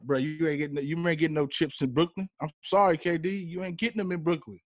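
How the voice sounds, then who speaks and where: A slightly high-voiced man from the Bay Area argues basketball in relaxed banter, teasing and animated, his voice jumping up when he objects. The sound is dry and close, with no room around it. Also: fast, no echo. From San Francisco Bay Area. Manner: animated, teasing, rising to loud protests. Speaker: podcast guest. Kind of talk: casual sports debate.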